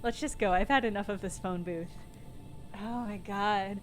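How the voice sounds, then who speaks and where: A woman streaming a video game live, chatting in a self-mocking, giggly and animated way. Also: medium pitch, moderate pace, soft background music.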